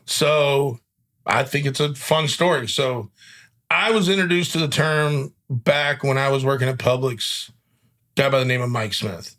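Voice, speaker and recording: A man's voice: mid-range voice, a little slow, a bit bright. A man hosting a casual chat, telling stories in an upbeat, chatty way and often asking "you know what I mean.". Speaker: podcast host.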